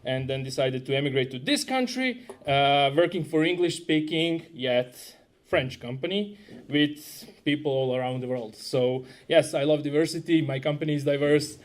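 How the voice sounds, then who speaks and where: Man giving a chatty tech talk, fairly high voice. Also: moderate pace. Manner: conversational, asks the audience questions; self-deprecating humor. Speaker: conference speaker, web developer. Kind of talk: technical conference talk.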